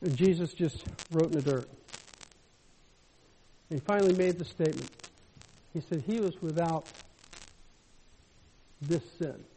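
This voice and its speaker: A male pastor preaching a sermon, swinging between loud, fervent declarations and soft, intimate storytelling. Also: on the high side, measured pace, long pauses, a little hiss or hum. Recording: echoey hall with long reverb.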